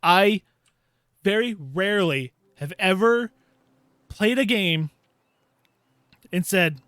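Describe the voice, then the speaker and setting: A man's voice: sits high, takes it slowly, long pauses, fairly bright tone, no room sound. A man, a gaming YouTuber, ranting casually about a bad game, laughing in disbelief and acting out his own reactions. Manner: exasperated, laughing storyteller who acts out his own reactions.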